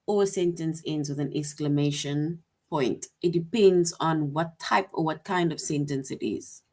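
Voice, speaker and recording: A woman's voice: lowish voice, darkish tone. A woman teaching a grammar lesson to young children, patient and repetitive, often checking with "right?".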